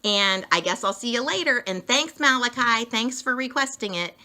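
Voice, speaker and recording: A woman reading a children's picture book aloud with a very expressive, sing-song delivery. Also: on the high side, moderate pace. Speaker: storyteller. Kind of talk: children's story read-aloud.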